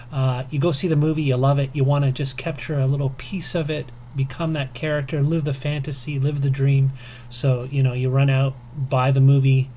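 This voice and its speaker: A man's voice: medium pitch, darkish tone, a little hiss or hum. Chatty man rambling with ums. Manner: chatty and self-deprecating, lots of ums and chuckles. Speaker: video game vlogger. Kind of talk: casual to-camera tag response.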